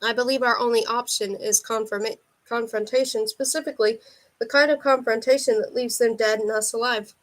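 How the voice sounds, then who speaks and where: A cool, clinical man who states brutal facts without any heat, read by a woman in her own fairly high voice. Each line comes level and precise, as if reporting plain fact. An audiobook reading. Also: fairly even intonation, a little fast, close to an everyday voice. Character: calm, precise, unsettling man.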